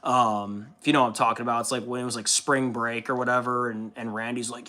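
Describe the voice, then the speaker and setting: A man's voice: mid-range voice, steady tone, fast talker, few pauses, sharp tone. A man streaming casually while painting, rambling in a laid-back way and swearing freely.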